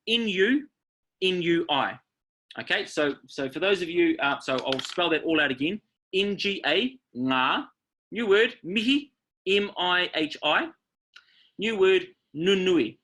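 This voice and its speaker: A man's voice: high-pitched, animated, a little slow, sharp tone. Upbeat New Zealand man giving a talk. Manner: upbeat, coaching, often checking in with "okay?". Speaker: workshop presenter. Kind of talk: online workshop talk.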